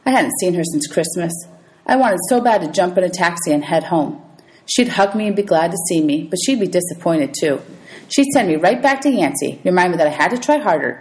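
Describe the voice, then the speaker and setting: A woman teacher reading a novel aloud to her students, telling it in a lively storytelling way. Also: on the low side, low-quality recording. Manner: lively storytelling with voices for characters.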